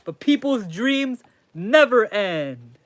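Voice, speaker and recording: A man putting on an Indian accent, drawling a dreamy line slowly and high. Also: expressive, fairly bright tone, dry recording, exaggerated voice. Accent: put-on Indian accent. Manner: drawn-out, slow and high.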